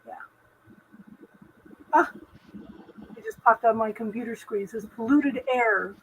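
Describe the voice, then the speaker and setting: A woman hosting a live spiritual talk stream from her home, rambling gently through spiritual advice with lots of fillers and restarts. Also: fairly high pitch, animated, a little slow, slight background noise, poor audio. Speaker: host.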